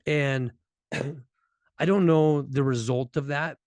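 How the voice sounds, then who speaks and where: A middle-aged man giving an earnest personal testimony to a group, halting and restarting as he speaks. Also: medium pitch, fairly even intonation, a little mellow, dry recording. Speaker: speaker addressing first responders.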